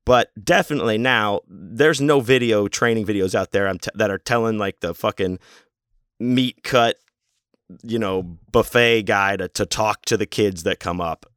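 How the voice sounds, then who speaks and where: A man's voice: lowish voice, fairly bright tone, dry recording, clean studio sound. A man casually telling a rambling, amused story with lots of fillers and restarts.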